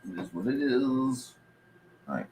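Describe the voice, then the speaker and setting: A man's voice: medium pitch, big pitch swings, unhurried, darkish tone, a little hiss or hum. A man streaming while he draws, talking in a casual, rambling rant full of swearing and filler words. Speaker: streamer and comic artist.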